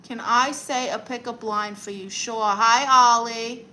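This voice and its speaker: A woman's voice: on the high side, steady tone, sharp tone, rough recording. A young woman from Brooklyn with a New York accent, reading viewer comments aloud and answering them in a sassy, playful way on a casual home live stream. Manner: sassy, playful, quick comebacks.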